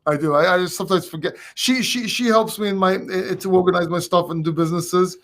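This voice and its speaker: A man who was born in London, a guest chatting casually from home, easygoing and joking and quick to agree. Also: high voice. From born in London, living in Greece. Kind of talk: casual chat.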